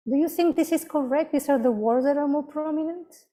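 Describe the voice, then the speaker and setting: A woman's voice: sits high, brisk, dark tone. A woman with a Mexican Spanish accent teaching an online English class, encouraging and checking in with students often. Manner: encouraging, checks with "right?" and "okay?". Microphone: video call.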